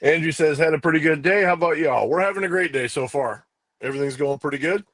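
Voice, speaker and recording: A man's voice: fairly high pitch, fast talker, a bit bright, no room sound. A man co-hosting a live-streamed podcast in casual chat, upbeat, reading viewer messages aloud and thanking them. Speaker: podcast co-host.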